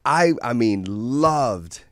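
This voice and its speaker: A male podcast host in casual interview chat, excited and stammering with enthusiasm. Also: medium pitch, drawn-out words, dry recording, studio quality.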